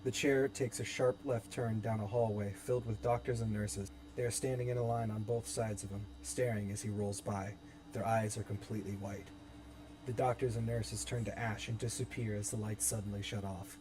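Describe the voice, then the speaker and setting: A man's voice: lowish voice, steady tone, normal speed. A young man narrating scene directions evenly in a dramatic reading of his own horror script. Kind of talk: dramatic script table-read. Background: background music.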